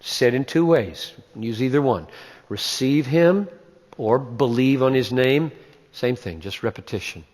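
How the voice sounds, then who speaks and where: Male Bible teacher, average pitch, emphatic, rhetorical questions, hall echo. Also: unhurried, a little mellow. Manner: emphatic, repeats key phrases, asks rhetorical questions.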